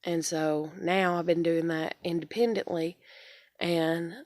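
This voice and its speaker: A woman's voice: fairly low pitch, little pitch movement, takes it slowly, a little mellow, dry recording, clean studio sound. A woman in her thirties venting in a rambling, frustrated way and swearing often, in a casual monologue. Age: 30s. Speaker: vlogger.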